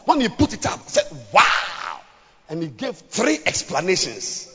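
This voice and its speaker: Man preaching a sermon, very animated pitch, hushed readings and shouted calls, dull recording with long reverb. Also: unhurried, breathy edge. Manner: swings from hushed scripture reading to shouted exhortation. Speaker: pastor.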